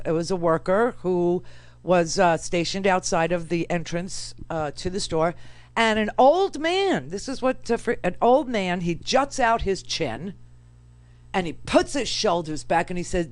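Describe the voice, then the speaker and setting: A woman hosting a political radio talk show, brash and sarcastic, with lots of fillers and quick asides. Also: on the low side, expressive, no echo. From New York. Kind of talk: political commentary monologue.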